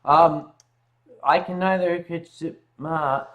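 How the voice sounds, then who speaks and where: A man's voice: fairly high pitch, fairly even intonation, slow pace, phone-quality sound. A man hosting a casual late-night livestream from his home sofa, joking around and swearing freely. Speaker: livestream host.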